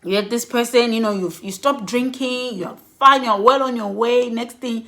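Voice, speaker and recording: A middle-aged woman giving candid, reflective personal advice in a vlog, laughing softly between points. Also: fairly high pitch, normal speed, few pauses. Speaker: vlogger.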